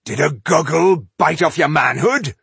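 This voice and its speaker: A man voicing a gruff, hot-tempered male dwarf warrior who hurls insults and curses. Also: on the high side, measured pace, fairly bright tone, no echo, pitched above the performer's own voice, heavily acted. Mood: scornful.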